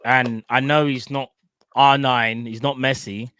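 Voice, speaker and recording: Guy talking football on a call, slangy and hyped, bright dry voice. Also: mid-range voice, a little slow, smooth, dry recording. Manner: animated, slangy, repeats himself. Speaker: podcast co-host. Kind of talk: casual football chat. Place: home, on a video call.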